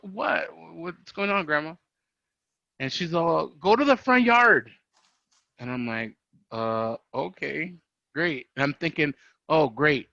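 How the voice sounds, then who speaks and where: Sharing a childhood story on his podcast, this host speaks a little high with vocal fry and a fairly bright tone. The chat is casual, peppered with cursing, laughter and Spanish phrases, captured in dry, dull lo-fi audio.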